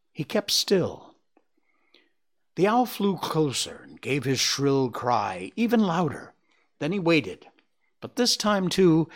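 A man reading a children's book aloud chapter by chapter, chatty and informal with his listeners between chapters. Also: medium pitch. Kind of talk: read-aloud storytelling.

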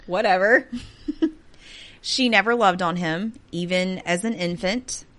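A woman's voice: fairly low pitch, a little slow, fairly bright tone. A woman in her thirties hosting a casual true-crime podcast, reading notes aloud with sarcastic asides and frequent laughter. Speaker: podcast host.

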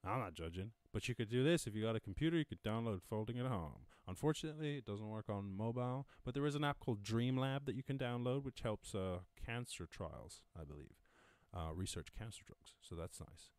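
A man's voice: on the low side, animated, a little fast, darkish tone, no echo. A man with an Irish accent hosting a casual lockdown live stream from home, rambling and joking with plenty of swearing. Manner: profane, jokey, rambling. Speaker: podcast host.

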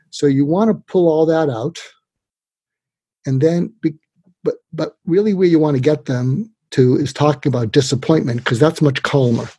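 An older man, a guest expert, giving communication advice in a lively conversational way, acting out quotes as he goes. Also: a little high, moderate pace, breathy edge, dry recording. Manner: animated, tells tips with acted-out quotes. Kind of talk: conversational interview.

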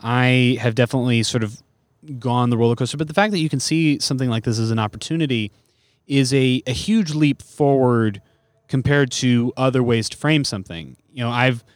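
A man's voice: mid-range voice, brisk, no echo. A man who is a comedian guest on a podcast, talking casually with lots of fillers and restarts. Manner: rambling, many fillers.

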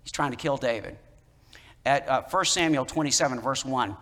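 A man's voice: medium pitch, moderate pace, a bit bright. A man preaching in a reverberant hall. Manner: conversational and emphatic, with repeated key phrases. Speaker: pastor. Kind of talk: sermon.

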